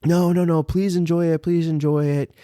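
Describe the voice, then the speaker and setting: A man doing a high, insistent shopkeeper. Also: little pitch movement, moderate pace, warm tone, smooth, dry recording, studio quality, natural voice. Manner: insistent, polite.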